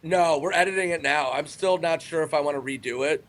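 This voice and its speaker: A man with a voice a touch higher than most tells a long, meandering anecdote as a podcast guest. He cuts himself off and doubles back often and keeps the tone offhand and conversational. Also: brisk, fairly bright tone. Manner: rambling, self-interrupting anecdotes. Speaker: guest comedian. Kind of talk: casual podcast storytelling.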